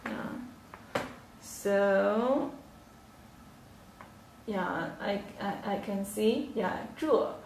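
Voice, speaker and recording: A woman teaching a livestream language lesson, explaining slowly and patiently with many fillers. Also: mid-range voice, gravelly, noisy background. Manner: slow, patient explaining with frequent yeah and fillers. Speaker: Chinese teacher. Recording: roomy echo, a little off mic.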